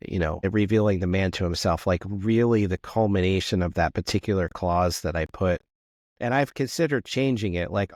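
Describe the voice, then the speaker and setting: A man's voice: deep voice, normal speed, no echo, clean studio sound. A man speaking as a podcast guest, earnest and searching as he reflects. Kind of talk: reflective conversation.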